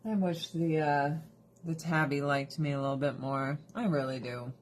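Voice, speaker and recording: A woman's voice: low voice, steady tone, moderate pace, a little hiss or hum. A woman ranting bluntly and swearing on a casual livestream while doing her skincare, breaking into laughs between remarks. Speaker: livestream host.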